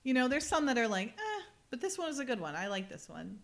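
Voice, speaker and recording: A woman's voice: on the high side, sing-song, fast talker, gravelly. A woman co-hosting a podcast, chatting casually and laughing as she acts out lines from a TV episode. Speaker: podcast co-host. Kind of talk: casual chat recapping a TV episode.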